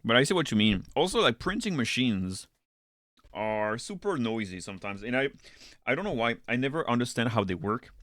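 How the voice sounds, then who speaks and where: A man's voice: mid-range voice, animated, fairly quick, a bit bright, no echo, clean studio sound. A man who works as a teacher, chatting casually and profanely with viewers on a live stream while he works, rambling from topic to topic.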